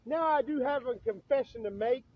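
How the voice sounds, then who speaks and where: A man's voice: very high-pitched, a little fast, highs cut off. A man in his fifties ranting angrily outdoors at night beside a church, swearing a lot, bitter and repetitive. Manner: profane, bitter, repeats himself. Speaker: vlogger. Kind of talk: angry rant to camera.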